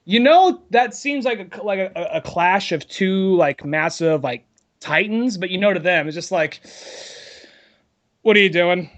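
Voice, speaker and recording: A man's voice: sits high, lively intonation, normal speed, dull audio. A man co-hosting a casual podcast who rambles, restarts his sentences and loses his train of thought. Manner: rambling, with many fillers and trailing thoughts. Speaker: podcast co-host. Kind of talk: casual chat.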